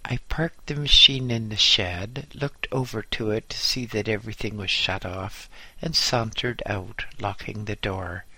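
A man narrating a memoir audiobook in a measured, dryly humorous way. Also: fairly low pitch, steady tone, sharp tone, no echo.

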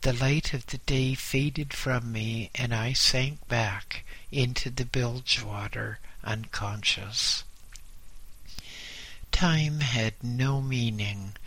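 A man narrating a first-person story in a slow, grave, dramatic reading style. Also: medium pitch, fairly even intonation, fairly bright tone. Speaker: audiobook narrator.

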